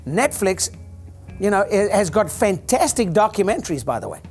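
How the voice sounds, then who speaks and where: A man's voice: high-pitched, sing-song, moderate pace, soft background music. An older man, a chiropractor, giving an informal talk to an audience in a rambling, joking, preacher-like way.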